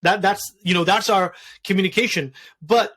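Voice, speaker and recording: A man's voice: sits high, moderate pace, fairly bright tone, breathy edge. A man in his thirties talking earnestly about personal grief in a conversation, often restarting and repeating words. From Wales. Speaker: podcast guest, doctor.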